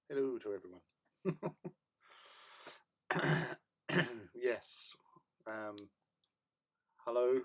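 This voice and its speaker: Brief: man, stream host, mid-pitched, easygoing rambling chat full of ums, greets viewers by name. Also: a little slow, long pauses. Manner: rambling, chatty, many ums and soft laughs. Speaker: hobby livestream host. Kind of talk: casual livestream chat. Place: home hobby desk, painting a model.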